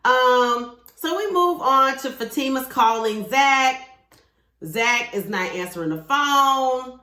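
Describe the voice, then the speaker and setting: A woman's voice: high voice, lively intonation, takes it slowly, pushed and bright, echoey room. A woman giving a chatty, casual recap of a TV episode, with sassy asides to her viewers. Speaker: TV show reviewer.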